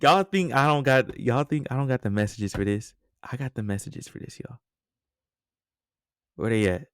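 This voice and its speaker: A young man hosting a podcast, telling a story in a casual, slangy, animated way with lots of asides. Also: medium pitch, normal speed, smooth, dry recording, studio quality. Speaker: podcast host.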